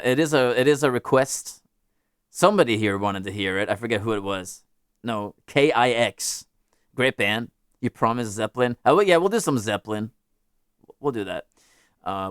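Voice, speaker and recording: A man's voice: fairly low pitch, smooth, no room sound, clean studio sound. A man hosting a live music stream, chatting casually with viewers, rambling and joking as he interrupts himself. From United States.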